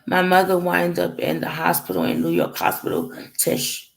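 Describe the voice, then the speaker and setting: A woman's voice: fairly low pitch, big pitch swings, moderate pace, vocal fry, rough recording. A woman telling a painful family story to the camera in a rambling way, acting out the dialogue and fighting back tears. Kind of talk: emotional personal storytelling.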